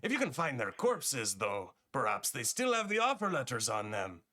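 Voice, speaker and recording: A shifty merchant pitched well above his speaker's own voice, slick and bright-toned, as a game master puts him on. He pitches deals with a wavering, vaguely European accent that drifts, swooping up and down as he bargains. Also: big pitch swings, moderate pace. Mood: sly. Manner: sly wheeling-dealing patter in a shaky put-on European accent. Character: scheming male fantasy gun merchant and matchmaker.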